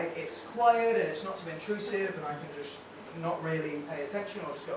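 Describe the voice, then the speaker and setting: A man's voice: high-pitched, moderate pace, a crowd in the background. A man doing a stand-up comedy set and hosting the night, telling wry stories and acting out characters on stage. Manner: wry, storytelling, acting out street sellers. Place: comedy club stage with a live audience. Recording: echoey club room, mic heard from a distance, noisy.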